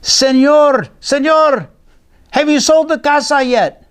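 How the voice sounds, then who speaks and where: A man voicing an eager, honest young boy in a children's storybook tale, with excited, high piping calls. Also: slow pace.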